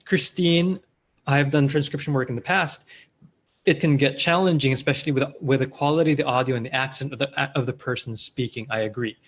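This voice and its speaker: A man's voice: mid-range voice, fairly quick. Chatty Filipino man hosting a live Q&A. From Philippines. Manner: chatty, loose, many fillers and restarts, mixes in Tagalog. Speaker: host of a live online Q&A. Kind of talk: casual live-stream Q&A, reading viewer comments.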